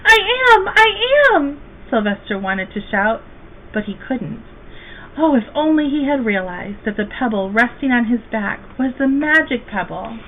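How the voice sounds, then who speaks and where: A woman reading a children's storybook aloud as a guest reader, slow, gentle and expressive. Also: a little high. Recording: tinny phone-like, faint hiss.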